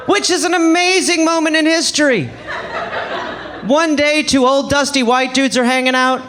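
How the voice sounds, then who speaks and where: A male stand-up comedian with an animated delivery who acts out scenes. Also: very high voice, moderate pace. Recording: live stage with audience laughter.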